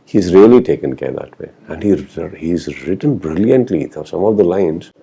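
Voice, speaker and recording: A man with a very deep, gravelly voice and a dark, mellow tone, answering an interviewer's questions. He tells stories from a film set and acts out the lines people said, dropping in Hindi phrases as he goes. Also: expressive, moderate pace, slight background noise. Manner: storytelling, acting out quoted exchanges, mixing in Hindi phrases. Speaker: actor being interviewed.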